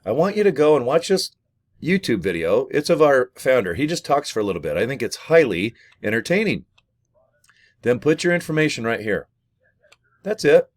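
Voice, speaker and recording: A man talking to camera in a jokey, rambling way while pitching an affiliate program from his small home studio. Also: very animated, normal speed. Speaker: vlogger promoting an affiliate program. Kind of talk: casual rambling sales talk to camera.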